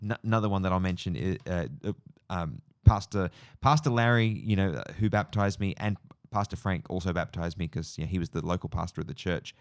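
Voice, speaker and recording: A man's voice: low-pitched, fairly quick, no room sound, studio quality. A man in his forties with an Australian accent, chatting on a podcast, telling a long story in a rambling, reflective way with lots of fillers. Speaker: podcast co-host. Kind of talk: casual chat.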